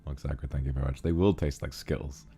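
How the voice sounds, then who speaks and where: A man's voice: rumbling low, steady tone, fast, dark tone, soft background music. A man chatting casually on a livestream, reading viewer donations and calling them darling. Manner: affectionate, calls viewers darling.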